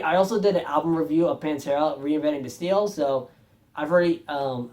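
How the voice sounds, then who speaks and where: A man's voice: on the high side, darkish tone. A man talking casually on his video channel, rambling, correcting himself often and chuckling as he goes. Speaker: music video vlogger.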